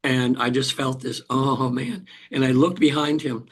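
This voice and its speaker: An older man, a hypnotherapist guest, tells a personal story in an interview, halting with frequent restarts and throat clearing. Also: medium pitch, flat delivery.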